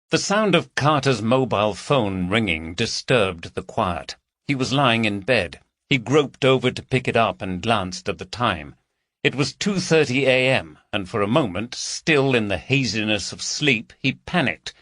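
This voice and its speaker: A man narrating a crime audiobook in an expressive, lively reading. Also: medium pitch, measured pace, no echo.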